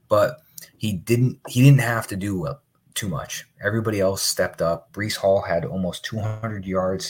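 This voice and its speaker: A young man co-hosting a podcast, reeling off football stats in casual sports chat. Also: sits low. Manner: rapid stat-listing banter. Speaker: podcast co-host.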